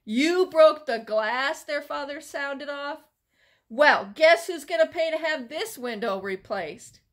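A woman's voice: high voice, animated, slow, a bit bright, voice pushed up, exaggerated voice. A woman voicing a stern father scolding his son over a broken window, in a storybook read-aloud.

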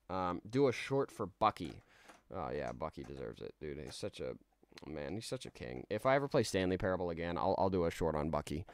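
Tired-sounding guy on a game stream, kinda low voice, dry close mic, rambly. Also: smooth, no room sound. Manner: rambling, laid-back, many restarts. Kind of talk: live gaming stream chat.

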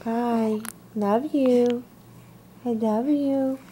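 A mother filming her newborn at home and talking to her in gentle, sing-song baby talk. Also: fairly high pitch, steady tone, extremely slow, background noise. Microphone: handheld camcorder.

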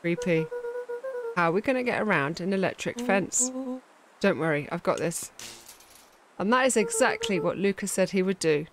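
A woman's voice: fairly low pitch, lively intonation, moderate pace, long pauses. Playful woman reading game dialogue. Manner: playful, reads lines with light voices. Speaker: gameplay streamer. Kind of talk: playthrough commentary, reading dialogue aloud. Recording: game music playing behind.

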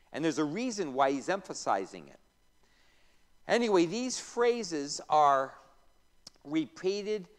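A man teaching a church Bible class in a fairly high voice that rises and falls with lively swings. He takes his time, mixing joking asides with scripture readings and questions to the class. His voice rings with long church-hall reverb. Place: church room.

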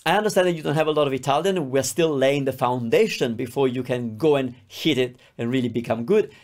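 A man teaching a beginner language lesson, explaining patiently and drilling words aloud with clear stress. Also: mid-range voice, fairly quick, a little mellow. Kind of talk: recorded online lesson.

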